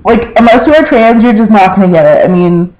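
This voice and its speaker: A young man with a fairly high voice talks casually to his camera, rambling from one family story to the next. He fills every pause with "like" and slips into quoting his relatives. The sound is dull and lo-fi, like cheap home webcam audio. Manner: rambling, filler-heavy, quotes family members. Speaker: vlogger.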